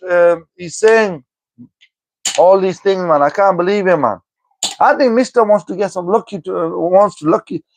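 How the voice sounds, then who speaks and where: A man live-streaming and replying to chat comments, teasing the viewers and calling them by name over and over. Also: sits high. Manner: teasing, repeats commenters' names, keeps saying "you know what I mean".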